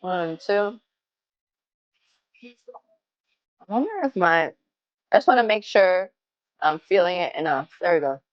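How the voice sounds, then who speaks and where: A young adult woman from Massachusetts, speaking with that state's accent, livestreams her indoor gym workout, counting reps aloud and chatting casually with viewers. Her voice sits fairly low, and she takes it slowly with long pauses. The recording is dry and dull.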